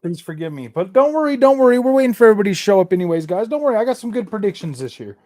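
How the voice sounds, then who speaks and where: A man's voice: sits high, big pitch swings, rapid-fire, mellow, no room sound. A man hosting a casual gaming livestream, rambling, repeating himself and laughing between thoughts. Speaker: gaming channel host.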